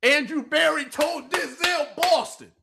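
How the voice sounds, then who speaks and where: A man hosting a live sports reaction stream, loud and excitable, often yelling and laughing into a close microphone. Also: extremely high pitch, measured pace, creaky, background noise. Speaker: sports reaction livestream host. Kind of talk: hyped live commentary on football clips. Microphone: close microphone he yells into.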